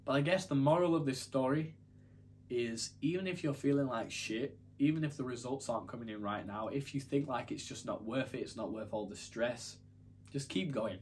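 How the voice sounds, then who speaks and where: A man's voice: mid-range voice, normal speed, a little mellow, a little hiss or hum. A young man telling a story to camera in a casual, rambling, self-deprecating way. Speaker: YouTuber.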